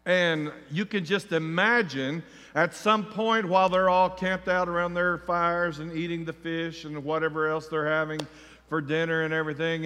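A man preaching a sermon, telling the story with feeling and acting out the crowd's voices, rising to near shouts. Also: a little high, little pitch movement, normal speed, clean tone. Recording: long reverb of a large hall.

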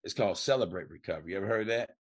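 A middle-aged recovery coach races through his story as a podcast guest, his low voice breathy-edged with lively intonation. In the casual interview he talks colloquially, acts out the voices he quotes, and keeps saying "man" and "you know."

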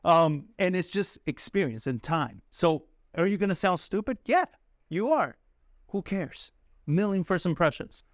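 A man coaching cold callers in a casual, talkative way who laughs often and acts out calls in a soft apologetic voice. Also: high voice, sing-song, measured pace, no echo, studio quality. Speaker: sales coach. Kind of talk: coaching talk to camera.

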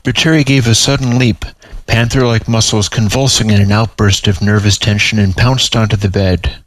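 A man narrating his own story aloud in a plain, steady way. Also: on the low side, moderate pace, dry recording, low-quality recording. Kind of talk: audiobook narration.

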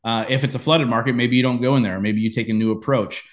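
A man in a podcast interview, telling a personal business story with lively acted-out quotes. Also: medium pitch, fast. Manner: animated storyteller, acts out quoted lines. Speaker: podcast guest, entrepreneur.

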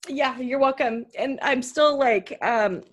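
Woman podcast host, earnest, heartfelt, fairly high voice. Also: takes it slowly, a bit bright. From Canada. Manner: earnest, heartfelt, retelling a personal story. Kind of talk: emotional conversational interview.

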